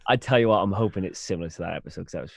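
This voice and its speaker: A man's voice: deep voice, racing, gravelly, crowd noise. A tired man, a tabletop game player chatting casually and rambling a little. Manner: self-deprecating, rambling with restarts.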